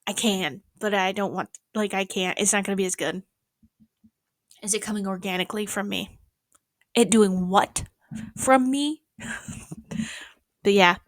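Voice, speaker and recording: Speaking at a moderate pace with long pauses, a young woman with a medium-pitched voice rambles through a vlog about her day. It's studio quality with no echo. She's animated, occasionally sinking to a whisper, in her small apartment at night.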